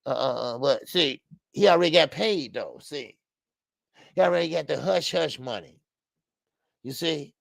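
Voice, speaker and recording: A man's voice: a little high, a little slow, creaky, pauses often, dry recording. Heated male boxing show host. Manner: heated, animated, repetitive fillers. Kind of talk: casual opinionated commentary.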